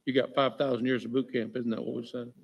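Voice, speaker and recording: A man's voice: mid-range voice, flat delivery, gravelly, highs cut off. Joking male pastor preaching. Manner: jokey, keeps asking the crowd "right?"; reads scripture aloud with slow emphasis. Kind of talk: sermon. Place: church.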